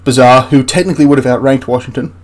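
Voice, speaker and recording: A man's voice: mid-range voice, steady tone, quick pace. A man hosting a history channel, ranting through a film critique in an exasperated, rambling way with frequent restarts.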